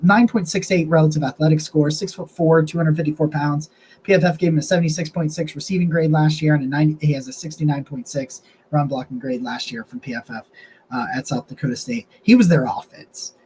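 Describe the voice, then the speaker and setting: A young man talks through draft picks in a loose, rambling way, stopping and restarting his sentences. His voice sits a little high for a man but sounds dark and mellow. Faint noise hangs behind him. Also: poor audio. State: has the hiccups. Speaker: sports podcast host. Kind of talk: casual sports analysis monologue.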